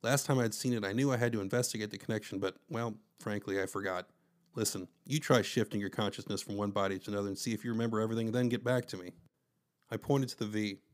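A man's voice: lowish voice, steady tone, fast. A man narrating a first-person story with wry, conversational asides.

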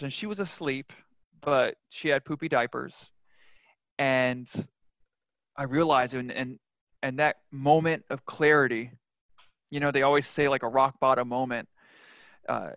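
A man's voice: mid-range voice, fairly even intonation, moderate pace, fairly bright tone, dry recording. A man speaking as a podcast guest, telling his own story in a frank, earnest, confessional way. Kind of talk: casual interview storytelling. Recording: dull lo-fi dry sound.

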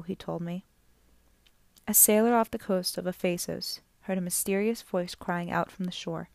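A woman's voice: on the low side, fairly even intonation, moderate pace, vocal fry, a little mellow, dry recording. A woman narrating an audiobook chapter, reading the dialogue without separate character voices.

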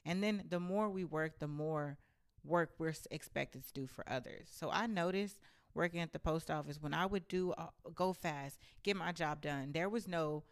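A woman telling a story from her own life in a blunt, animated and profane casual rant. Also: sits low, normal speed.

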